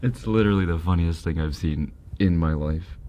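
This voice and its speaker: A man live-streaming on an ASMR channel, chatting casually about clips, often breaking into giggles while trying to keep his voice soft. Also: low-pitched, normal speed. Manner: giggly, breaks into laughter, talks softly. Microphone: binaural ASMR microphone.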